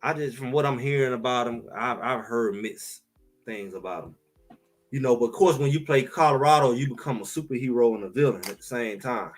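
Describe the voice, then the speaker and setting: A man co-hosting a sports talk show in casual, emphatic chat, trash-talking and animated. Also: medium pitch, brisk, soft background music.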